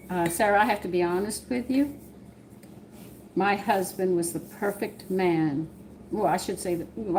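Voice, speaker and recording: A woman's voice: lowish voice, darkish tone, slight background noise, poor audio. Southern woman rambling through a cooking stream. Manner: rambling, drifts into personal stories while cooking. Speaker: home cooking host. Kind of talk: casual cooking live stream. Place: home kitchen. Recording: kitchen clatter of dishes and cutlery.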